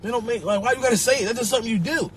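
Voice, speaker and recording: A young man with a Philadelphia accent ranting on a live stream, profane and animated, repeating himself and breaking into laughter. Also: very high-pitched, rapid-fire, slight background noise. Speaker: social media personality. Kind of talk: rambling live-stream rant. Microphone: phone.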